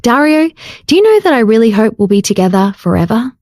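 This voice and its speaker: A shy, affectionate young woman speaks in a raised, earnest voice, as a woman narrator puts her on. Her tone is warm and mellow. The recording is close and dry, with no room sound. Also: very animated, quick pace, dry recording. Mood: tender. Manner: pitched up, earnest and emotional. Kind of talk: audiobook character voice.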